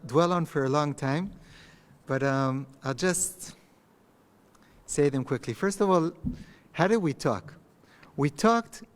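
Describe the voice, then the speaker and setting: Conversational man teaching a text. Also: mid-range voice. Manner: thoughtful, conversational, with pauses and restarts. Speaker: rabbi teaching a text class. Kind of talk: recorded online lecture. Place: empty study hall. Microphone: microphone.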